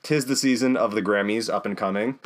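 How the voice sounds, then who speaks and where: A man co-hosting a casual podcast, talking in a relaxed way with lots of "uh" fillers. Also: on the low side, a little fast. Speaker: podcast co-host. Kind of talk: casual chat.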